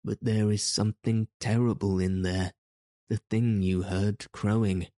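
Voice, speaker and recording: A man's voice: lowish voice, little pitch movement, unhurried, mellow, no room sound, clean studio sound, close to an everyday voice. A man reading an audiobook, voicing a frightened male pirate who speaks in a hollow, gibbering way. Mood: fearful.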